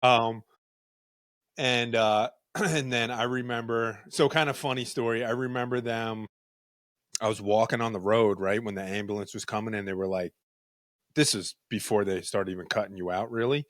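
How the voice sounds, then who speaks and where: A young man hosting a podcast, telling a story in a casual, animated, profane, jokey way. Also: lowish voice, normal speed, no echo, clean studio sound. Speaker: podcast host.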